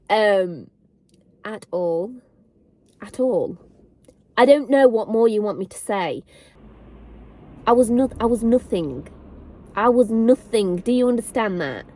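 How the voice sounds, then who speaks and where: An earnest woman with a fairly high voice speaks straight to camera. She keeps asking her listeners the same pointed questions and slows down to lean on the lines that matter most. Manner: earnest, direct, repeats rhetorical questions to listeners; slow and deliberate on key lines. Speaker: online faith and relationship advice creator. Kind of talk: heartfelt personal talk to camera.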